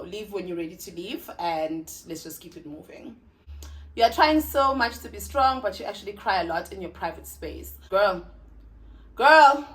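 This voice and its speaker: A young South African woman with a South African accent, chatting casually and emotionally to camera as a vlogger, laughing often. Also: medium pitch. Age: young adult.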